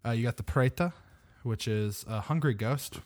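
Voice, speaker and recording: A man's voice: mid-range voice, moderate pace, a little mellow. A man co-hosting a podcast in casual chat, rambling and hesitant, laughing often. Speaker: podcast co-host.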